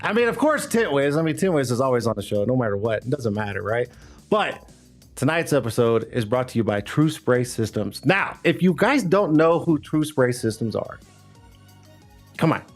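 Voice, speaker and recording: A man's voice: medium pitch, big pitch swings, moderate pace. A man hosting a casual live stream, rambling and hyping up his chat with lots of "uh"s and laughs. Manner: loose, rambling, hype talk with frequent "uh" and laughs. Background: faint background music.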